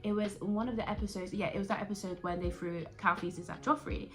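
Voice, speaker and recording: Bright, excitable woman vlogger. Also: medium pitch, fairly quick, faint music behind. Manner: excitable, rambling, jumps between thoughts. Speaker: vlogger reviewing a TV series. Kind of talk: casual reaction chat.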